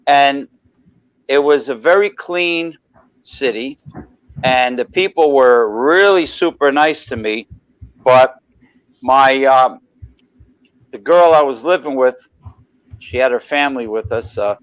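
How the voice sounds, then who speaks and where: This podcast co-host is a man whose medium-pitched voice has a fairly bright tone. He rambles through anecdotes on a casual talk show and greets viewers in the chat, recorded on a dull, dry lo-fi mic with no room sound.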